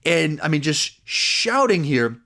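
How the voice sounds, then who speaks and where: A man's voice: a little high, sing-song, slow pace, gravelly, pushed and bright. A man giving a casual spoken review of a TV episode, rambling through the plot with lots of "like" and "you know" and acting out the characters' lines. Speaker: TV series reviewer.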